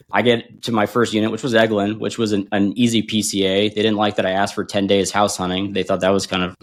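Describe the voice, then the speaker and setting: A man in his forties, a podcast guest and former bomb disposal instructor, telling stories in a casual, animated way and acting out quotes. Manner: animated, acts out quotes with big pitch jumps and laughs. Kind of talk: casual storytelling.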